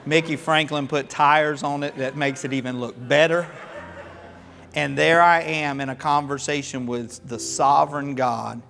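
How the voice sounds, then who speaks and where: A pastor from Florida and the American South preaching a sermon, telling stories in a folksy, humorous, animated way. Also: male voice, on the high side, measured pace, gravelly. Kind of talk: sermon with storytelling. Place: church sanctuary. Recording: long hall reverb with faint music.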